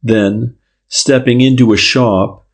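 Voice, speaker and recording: A man narrating a classic detective novel in a steady, measured reading. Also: medium pitch. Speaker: audiobook narrator. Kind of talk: scripted narration.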